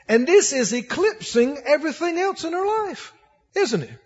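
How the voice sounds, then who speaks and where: A man's voice: very high-pitched, big pitch swings, moderate pace. A male preacher giving an emphatic, rousing sermon in a church and asking the congregation questions. The recording is dull, with long church reverb.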